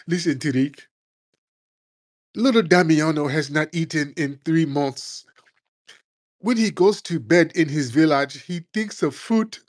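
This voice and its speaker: Man doing a syrupy pleading charity-ad voice, slightly raised pitch. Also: a little slow, long pauses. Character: pleading adult charity commercial narrator.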